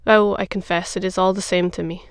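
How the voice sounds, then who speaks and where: A sardonic baron taunts with careless ease, as an audiobook reader puts him on. The voice stays flat and gravelly but smooth in a dry recording. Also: medium pitch, fairly quick, dry recording, lightly acted. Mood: mocking. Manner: mocking, casual.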